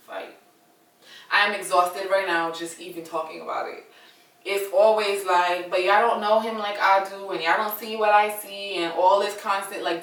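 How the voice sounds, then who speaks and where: A woman's voice: lowish voice, bright, forceful tone, echoey room, recorded from a distance, rough recording. A young adult woman telling a story in a casual, dramatic way and talking straight to her viewers. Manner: chatty, dramatic, addresses viewers as y'all.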